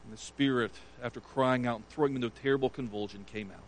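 A man's voice: medium pitch, quick pace, a little hiss or hum, poor audio. A man preaching a sermon, retelling a scripture story with earnest emphasis. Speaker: pastor.

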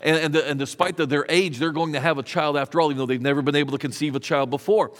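A man's voice: a little high, steady tone, fast, in a large hall. A man preaching a sermon in a conversational way, with rhetorical questions and frequent restarts. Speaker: pastor.

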